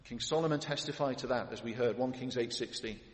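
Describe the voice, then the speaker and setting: A man's voice: mid-range voice, a little fast. A man preaching an expository sermon in a church, building to emphatic lists of titles. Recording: echoey hall with long reverb.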